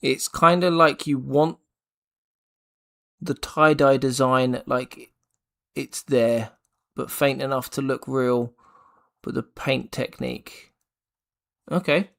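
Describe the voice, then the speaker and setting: A man with a gravelly, creaky voice reads out viewer comments and adds his own jokes. His pitch sits in the middle range, and the talk is loose and casual. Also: fairly even intonation, slow pace, long pauses. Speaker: co-host reading chat. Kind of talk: casual chat.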